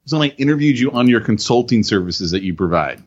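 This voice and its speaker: A man co-hosts a podcast over a remote call, trading teasing banter with a lively, rising and falling voice. His audio comes through dull and muffled. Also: mid-range voice, fast talker, husky. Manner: teasing, self-mocking banter. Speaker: podcast co-host. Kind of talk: casual podcast chat.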